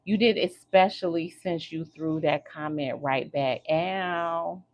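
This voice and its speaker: A woman's voice: sits low, slow, muffled recording. A woman hosting a casual livestream, chatting and teasing her viewers while she works on her hair. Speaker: livestream host.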